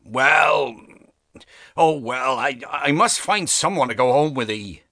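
A man voicing a stern, exacting old Quaker tradesman in an audiobook, with brisk, commanding old-fashioned speech. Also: medium pitch, expressive, vocal fry, sharp tone, no echo, heavily acted. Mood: fretful. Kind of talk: audiobook character voice.

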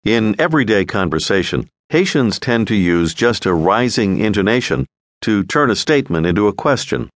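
A man narrating a scripted audio language lesson, giving prompts in a clear, measured way. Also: fairly low pitch, lively intonation, no room sound. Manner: clear, measured instructional delivery.

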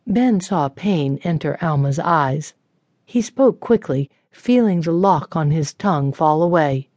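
Woman narrator, low-pitched, unhurried and expressive, dry close recording. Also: no echo. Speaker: audiobook narrator. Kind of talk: scripted narration.

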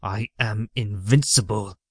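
A man's voice: on the low side, fairly even intonation, measured pace, no echo, clean studio sound. A man doing a sneering, arrogant trickster god. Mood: menacing. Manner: sneering, hissing.

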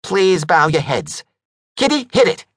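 Guy voicing a chill skunk dude, way up high, lazy slacker talk, dead dry mic. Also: big pitch swings, unhurried, fairly bright tone, no echo, exaggerated voice. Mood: glib. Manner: breezy slacker talk, calls people dude. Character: laid-back male skunk, surfer-dude drawl.

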